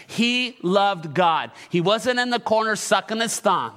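Passionate high-voiced pastor preaching. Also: male voice, animated, unhurried, sharp tone. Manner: call-and-response with the congregation. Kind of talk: sermon.

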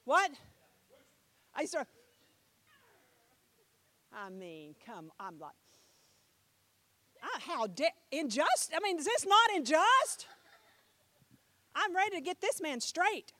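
A middle-aged woman preaching a sermon, telling a story with animated swings between loud and soft and putting questions to her listeners. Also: high-pitched, slow pace, pauses often, no echo. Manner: talks with the audience, asks them questions.

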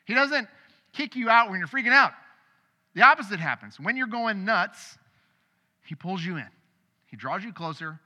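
A middle-aged man preaching a sermon as pastor, conversational and animated, with sudden loud bursts. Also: on the high side. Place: church sanctuary. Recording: long hall reverb.

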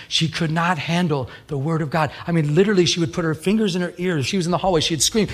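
A husky, slightly higher-pitched man preaches on the radio in an easy, conversational way. He is middle-aged and tells stories from his own life, acting out the voices of the people in them. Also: animated, fast, hardly any pauses. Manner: conversational storytelling preacher, acts out quoted voices. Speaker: pastor. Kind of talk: radio sermon.

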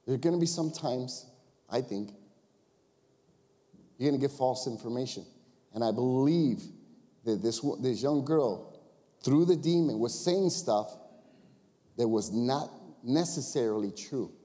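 A man preaching a sermon as pastor, animated and conversational, often asking rhetorical questions. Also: medium pitch, measured pace, pauses often, long reverb tail.

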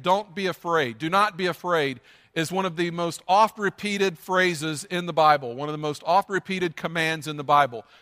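A pastor preaching a sermon in a church sanctuary, earnest and emphatic, driving his points home by repeating them. His voice is high and bright, carrying a long reverb from the large room around him.

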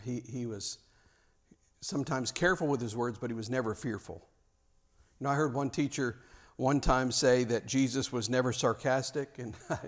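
A man preaching a sermon; he is animated, often stammers and restarts, and acts out the scenes he tells. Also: fairly high pitch. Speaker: pastor.

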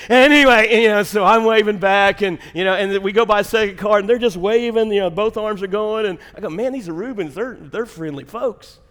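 A man pastor, preaching a sermon and telling a funny story in an animated, storytelling way in a church. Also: high-pitched, smooth. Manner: animated storyteller who acts out his wife's yelling. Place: church sanctuary. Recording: long hall reverb.

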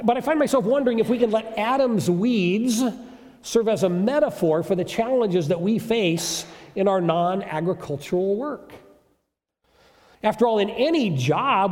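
A man's voice: sits high, animated, a little slow, a little mellow, in a large hall. A male pastor preaching a sermon in an emphatic storytelling manner with rhetorical questions.

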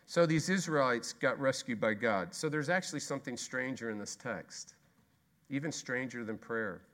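A man preaching a sermon as pastor, emphatic and repetitive, swinging between loud exclamation and hushed intensity. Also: medium pitch, moderate pace. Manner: repetitive rhetorical questions.

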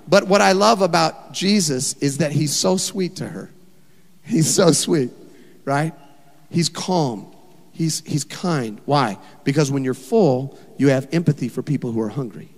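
A male pastor preaches in an animated, emphatic manner and keeps throwing rhetorical questions at the room. His voice sits somewhat high for a man. Long reverb rings through the church hall. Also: moderate pace. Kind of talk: sermon.

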